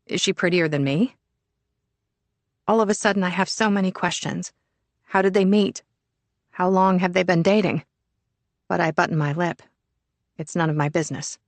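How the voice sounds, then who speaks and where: A woman narrating a first-person thriller audiobook in a measured, even storytelling manner. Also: fairly low pitch, dry recording.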